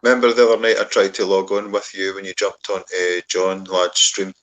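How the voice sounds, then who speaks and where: Low-voiced man on a stream call. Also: little pitch movement, fairly quick, fairly bright tone. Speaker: chat guest. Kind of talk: casual chat.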